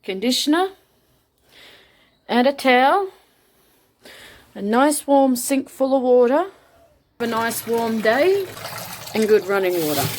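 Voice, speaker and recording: A woman's voice: slow pace, pauses often, a little hiss or hum. A woman casually narrating a how-to video while washing her dog outdoors. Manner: chatty, talks to her dog in a very high excited voice. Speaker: vlogger showing how to bathe a dog.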